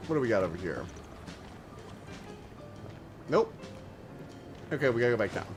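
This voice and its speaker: An American man chatting loosely as he streams a game, rambling with lots of filler words. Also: medium pitch. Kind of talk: casual let's-play commentary.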